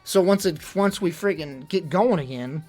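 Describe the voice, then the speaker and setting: A man's voice: fairly high pitch, normal speed, noisy background. A young man venting in casual livestream chat, rambling and exasperated, full of fillers.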